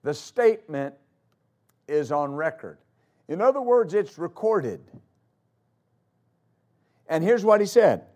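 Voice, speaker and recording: High-voiced emphatic male pastor preaching. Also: very animated, slow, pauses often. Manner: emphatic, repeats phrases for stress, rises and drops loudness. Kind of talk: sermon.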